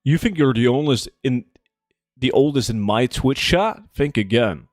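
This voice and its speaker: A young man in his twenties talks casually on a livestream, answering chat while he plays. His voice sits at an ordinary middle pitch. The sound is dry and close to the mic. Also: expressive, measured pace, no room sound. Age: 20s. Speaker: streamer.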